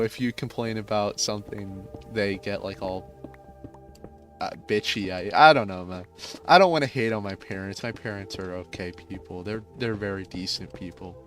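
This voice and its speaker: A man's voice: on the low side, a bit bright. A man in his twenties rambling casually with many filler words while playing a game.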